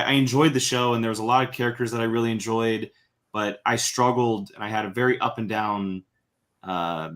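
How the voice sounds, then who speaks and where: A man appearing as a podcast guest, talking earnestly and hesitantly, often pausing and restarting as he reviews a show. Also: medium pitch, a bit bright. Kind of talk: casual review chat.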